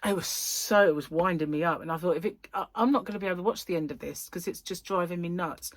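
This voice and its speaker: A woman's voice: lowish voice, fast talker, no echo. A woman hosting a crochet vlog, chatting in a rambling, giggly way. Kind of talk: casual chat.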